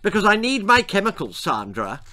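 A man's voice: huge pitch swings, moderate pace, sharp tone, exaggerated voice. A man voicing a vain, spoiled teenage girl who talks haughtily and sulkily in a storybook reading. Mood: haughty. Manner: haughty, sulky and shrill.

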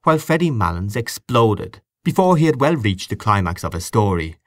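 A man narrating a literary audiobook in a measured, expressive way. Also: lowish voice, dry recording, clean studio sound. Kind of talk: audiobook reading of literary fiction.

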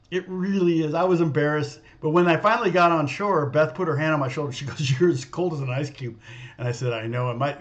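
A man telling a personal story in a casual, rambling way, full of restarts and fillers. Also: mid-range voice. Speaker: guitar teacher.

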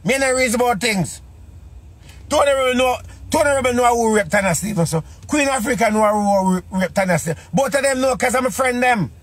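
Husky Jamaican man, rhetorical. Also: very high-pitched, brisk, dry recording. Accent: Jamaican Patois. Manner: repetitive, rhetorical questions. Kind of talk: casual monologue.

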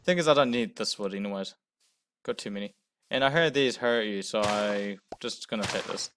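A young man casually commenting on his own gameplay, jumpy and talking himself through his fear, going from quiet muttering to loud yells. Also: fairly low pitch, normal speed, background noise. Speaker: gamer playing a first session. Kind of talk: casual let's-play commentary.

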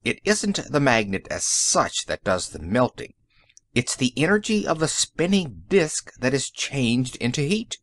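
A man reading the part of a calm, cheerful inventor in an audiobook, explaining things in a matter-of-fact way. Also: mid-range voice, unhurried.

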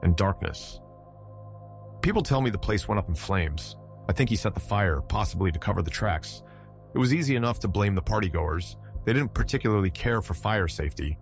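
A man with a very deep, low voice reads a horror story aloud in a measured, dramatic way. Faint music plays softly behind his narration. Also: animated, vocal fry.

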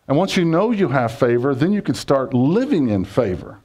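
A pastor preaching a conversational sermon, joking and asking the congregation questions. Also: male voice, a little high, animated, moderate pace, hardly any pauses, a little mellow.

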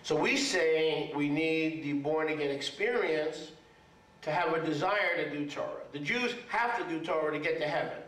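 A man's voice: fairly high pitch, normal speed, fairly bright tone. A man preaching to a congregation as a rabbi, emphatic and repetitive, often asking the audience if they follow. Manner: emphatic, repeats words for stress, asks the audience for agreement. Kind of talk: sermon. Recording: echoey room, mic at a distance.

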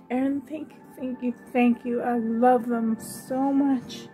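A woman's voice: a little high, slow, warm tone, faint music behind. A woman collector gushing with delight as she unboxes reborn dolls for a vlog.

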